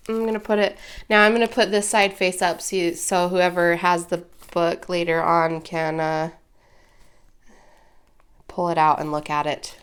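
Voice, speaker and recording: A woman's voice: on the low side, fairly even intonation, unhurried, clear, resonant tone. A woman hosting a casual crafting tutorial, chatty and gushing, easily moved by what she shows. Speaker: crafting video host.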